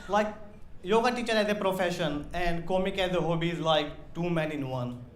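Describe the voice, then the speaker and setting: A man from India with an Indian accent, doing a slow, deadpan stand-up comedy set on a club stage. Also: fairly high pitch. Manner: slow, deadpan delivery with crude punchlines. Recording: roomy live club sound with audience.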